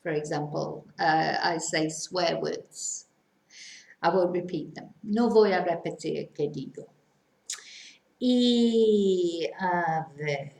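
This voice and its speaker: A woman teaching a Spanish lesson, reading example questions and slowly modelling her answers, then translating them. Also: on the low side, creaky, a little mellow. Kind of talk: slow language lesson. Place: lives in a Spanish village. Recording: echoey room.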